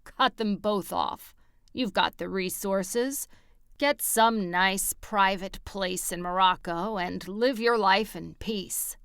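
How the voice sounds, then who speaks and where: Woman voicing a macho bossy man, barking, teasing, smooth voice, audiobook. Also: mid-range voice, slow, a bit bright, no echo, clean studio sound. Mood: coaching. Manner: barking, taunting commands.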